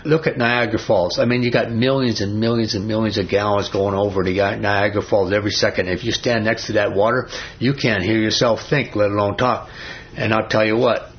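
A man's voice: fairly low pitch, fairly even intonation, brisk. A man preaching a sermon, emphatic, often repeating "I'm telling you" and putting questions to his listeners. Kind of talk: sermon, Bible study. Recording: dull lo-fi recording.

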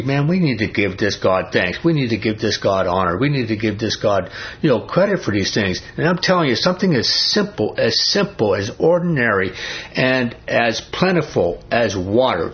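A man preaching a sermon, emphatic, often repeating "I'm telling you" and putting questions to his listeners. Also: medium pitch. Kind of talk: sermon, Bible study. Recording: dull lo-fi recording.

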